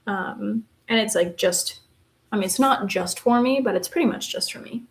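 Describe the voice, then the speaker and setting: Coloring on her live stream, this West Texan woman in her twenties chats loosely and wanders off into asides. She's a university theater student, speaking in a mid-range voice at a moderate pace.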